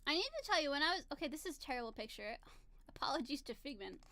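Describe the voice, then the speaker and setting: Woman, 30s, high pitch, bright tone, bubbly and giggly, casual vlog chat. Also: very animated, rapid-fire, no echo. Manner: bubbly, giggly, gushing storytelling. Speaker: vlogger.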